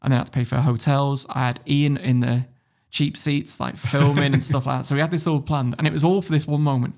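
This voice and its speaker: Fast, gravelly northern English man. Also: medium pitch. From Warrington, England. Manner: animated storyteller, swears freely, laughs often. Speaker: podcast guest. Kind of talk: casual interview storytelling.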